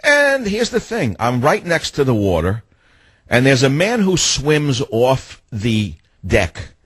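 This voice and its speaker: A man hosts a talk radio show, telling animated stories, ranting, and acting out what people said. His mid-range voice is slow with a breathy edge. The studio microphone captures a dry recording.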